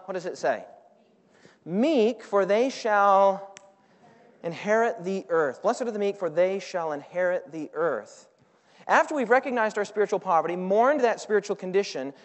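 Male preacher, high voice, dynamic sermon delivery with call-outs to the congregation, long hall reverb. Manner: dynamic, swings between loud and quiet; asks the audience for responses. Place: large hall with audience.

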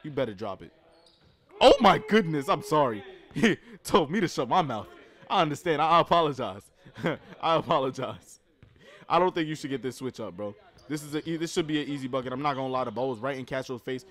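Excitable man doing slangy game commentary. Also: mid-range voice, quick pace. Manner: excitable, loud outbursts, slangy. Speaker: reaction streamer commenting on basketball. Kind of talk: casual live commentary.

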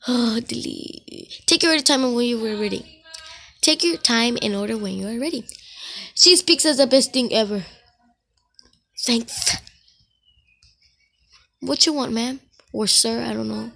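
Slow-talking excitable woman gamer. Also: a little high, creaky, slight background noise. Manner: excitable, constant exclamations. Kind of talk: casual game commentary.

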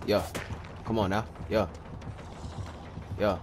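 A young man giving live gameplay commentary, excitable and trash-talking, repeating phrases quickly as he plays. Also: fairly low pitch. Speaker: gaming video creator. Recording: steady clear background noise.

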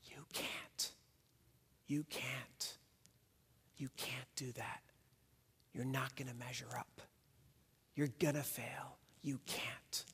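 A man's voice: mid-range voice, flat delivery, slow pace, creaky, pauses often, a bit bright, breathy edge, full character voice. A man voicing a male tempter spirit in whispered role-play, with an unvoiced, hissing whisper. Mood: taunting. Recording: long hall reverb.

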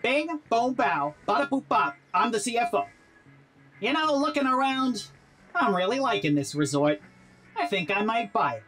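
A woman voicing a smooth-talking, crooked robot businessman in a game, breezy and self-assured. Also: a little high, very animated, moderate pace, fairly bright tone, low-quality recording. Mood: scheming. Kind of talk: game character dialogue.

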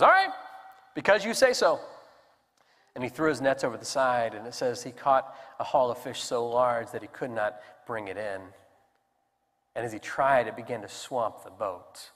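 A man preaching a sermon as pastor, telling the story with animated voices for the characters. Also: medium pitch. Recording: long hall reverb.

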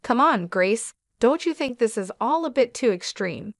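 A woman's voice: a little high, lively intonation, normal speed, dry recording, clean studio sound. A woman voicing a smug, panicking middle-aged husband in a read-aloud story, in a defensive, blustering manner.

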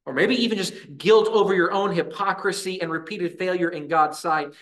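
A man preaching a sermon in a church, earnest, with dramatic pauses and voiced prayers. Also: a little high, a bit bright. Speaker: pastor.

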